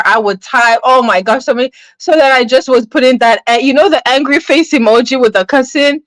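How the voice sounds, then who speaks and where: A fairly high-voiced woman talks to her livestream chat in an animated, chatty way, breaking off her venting to greet viewers. The sound is dry and close, with no room around it. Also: brisk, hardly any pauses, no room sound, low-quality recording. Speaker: livestream host.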